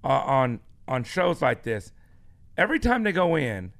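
Gravelly-voiced man co-hosting. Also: medium pitch, sing-song, fairly bright tone. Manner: halting, with fillers and restarts, then emphatic. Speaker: co-host. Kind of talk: casual business chat.

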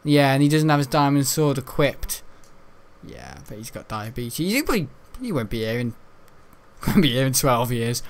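A young man giving crude, excitable gaming commentary, often laughing. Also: fairly high pitch. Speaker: gaming channel host.

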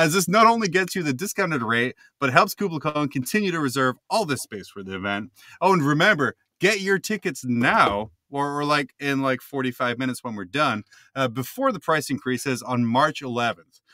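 A man co-hosting a gaming podcast, his voice bright and forward. He reads event announcements in an upbeat, joking manner, and the sound is dry and close with no room in it. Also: medium pitch, lively intonation, a little fast, no room sound. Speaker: podcast co-host. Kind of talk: casual chat, reading announcements.

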